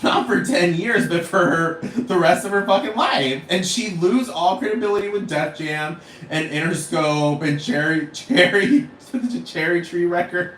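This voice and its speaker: Animated, profane man ranting. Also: sits high, measured pace. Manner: animated, profane, laughing often. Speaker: vlogger. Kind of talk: profane comedic rant. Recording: roomy echo, faint room noise.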